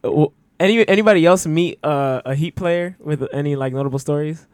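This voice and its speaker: Young guy cohost, bit higher voice, jokey quick asides, dry close mic. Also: a little mellow, dry recording. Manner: quick joking interjections, laughs easily. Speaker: podcast co-host. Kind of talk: casual chat.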